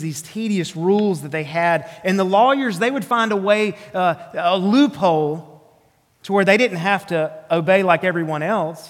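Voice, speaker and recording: Man, southern drawl, pastor, sermon, earnest, emphatic, long hall reverb. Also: fairly high pitch. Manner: earnest, emphatic preaching with frequent restarts.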